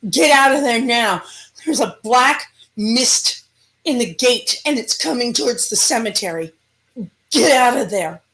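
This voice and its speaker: A woman's voice: a little high, expressive, measured pace, fairly bright tone, voice pushed up. A woman voicing a frantic female teammate who leaves an urgent, pleading voicemail and repeats herself.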